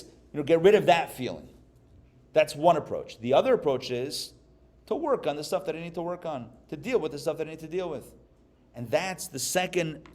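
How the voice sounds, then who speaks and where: A man from Pittsburgh, a rabbi giving a live class, who tells stories and jokes in an animated way. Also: fairly high pitch. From Pittsburgh, USA. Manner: animated, joking storyteller. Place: live class before an audience.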